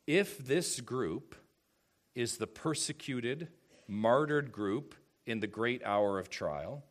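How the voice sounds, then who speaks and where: Man, pastor, preaching, unhurried emphatic sermon delivery, rhetorical questions, mid-pitched voice. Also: animated. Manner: preaching with dramatic swings from hushed to shouted.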